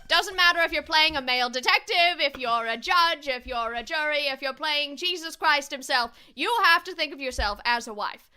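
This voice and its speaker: A woman improvising an absurd old character on a comedy podcast, giggly and deadpan. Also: high voice.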